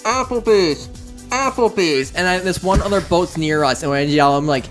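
A man telling a gaming story in casual chat with friends, acting out the lines other players shouted. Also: a little high, fairly quick, soft background music.

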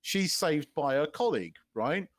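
A man's voice: on the high side, very animated, normal speed. A man co-hosting a podcast in casual chat, rambling and swearing freely, stumbling over restarts and laughing often. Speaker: podcast co-host.

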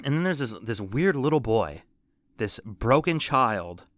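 A man's voice: medium pitch, big pitch swings, unhurried, a bit bright, dry recording. Podcast co-host, male, profane and teasing, dry close sound. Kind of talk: casual chat reviewing a movie.

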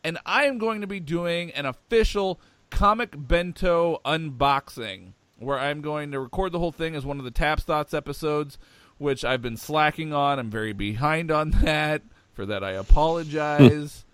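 A man's voice: fairly high pitch, normal speed, a bit bright, smooth, no echo. A man co-hosting a podcast, chatting casually and with enthusiasm, rambling with lots of fillers. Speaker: podcast co-host.

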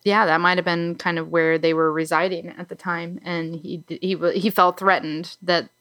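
Bright-voiced chatty woman. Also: lowish voice, flat delivery, moderate pace, no room sound, clean studio sound. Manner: chatty, many likes and restarts, laughs easily. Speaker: podcast co-host. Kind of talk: casual chat, storytelling.

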